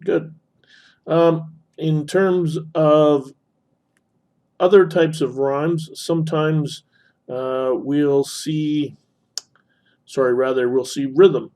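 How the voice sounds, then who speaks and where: A man's voice: fairly high pitch, fairly even intonation, drawn-out words, long pauses, dark tone. A man teaching a literature lesson over a screen recording, explaining as he annotates, with frequent fillers and self-corrections. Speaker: instructor.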